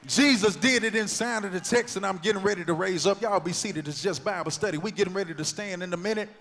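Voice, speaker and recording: A man preaching a sermon, dropping to quiet talk and then building to loud, rhythmic shouts. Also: fast. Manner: call-and-response preaching, swings from low talk to loud shouting. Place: large church sanctuary. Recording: long hall reverb in church.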